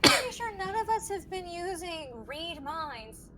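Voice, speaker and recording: High-voiced wry woman player. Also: lively intonation, measured pace, crowd noise. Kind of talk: casual tabletop game chat. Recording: music behind.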